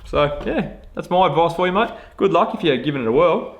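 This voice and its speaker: A man's voice: fairly high pitch, expressive, a little fast, lo-fi sound. Laid-back Australian man, matey and casual. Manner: laid-back, matey slang, self-deprecating. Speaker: fishing vlogger. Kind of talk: casual Q&A chat.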